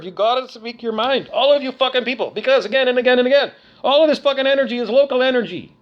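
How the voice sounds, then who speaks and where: A middle-aged Canadian vlogger with a very high voice rants angrily to camera at a fast pace. He's profane, accusatory and repetitive, and the recording sounds muffled.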